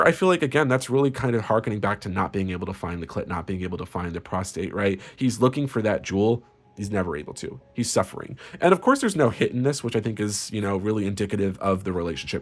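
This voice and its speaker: A man giving a casual tarot reading in a crude, sarcastic and gleefully spiteful way. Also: fairly low pitch. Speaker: tarot reader.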